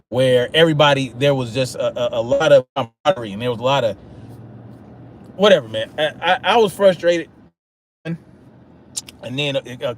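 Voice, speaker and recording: A man's voice: fairly high pitch, a little hiss or hum. A man hosting a livestream, telling a story in a casual, profane, rambling way with many restarts. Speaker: livestream host.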